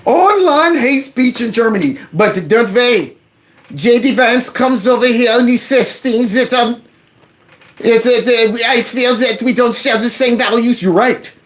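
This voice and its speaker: A man's voice: very high-pitched, unhurried, fairly bright tone. A man hosting his own commentary channel, reacting to a news clip in an incredulous, ranting way and acting out quotes.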